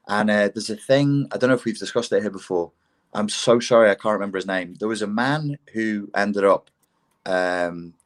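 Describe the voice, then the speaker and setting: A man with a low voice talks through a casual podcast chat. He swears freely and builds from measured points to indignant outbursts, his voice jumping up when he gets worked up. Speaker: podcast co-host.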